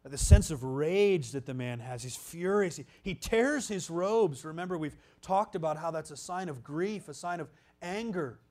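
A man preaching a sermon, emphatic, swinging from loud exclamations down to hushed, almost whispered lines. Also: on the high side, animated, moderate pace, hardly any pauses.

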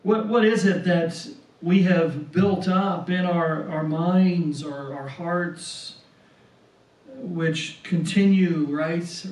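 A man preaching a sermon, slow and deliberate, who often repeats words and tags on "right?". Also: on the high side, a little mellow. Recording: roomy sound from a distance.

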